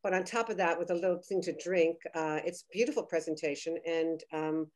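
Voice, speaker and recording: Woman guest judge, effusive, rambling, lower register. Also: steady tone, brisk, a little mellow. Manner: gushing, rambling, restarts often. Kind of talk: casual judging on a video call. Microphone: video call.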